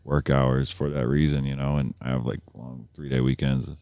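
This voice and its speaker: A man with an extremely deep voice and a dry, close sound talks in a relaxed group chat. He rambles, leaning on fillers like "you know" and "like". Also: normal speed, smooth, dry recording. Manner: rambling, filler-heavy talk. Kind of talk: casual chat.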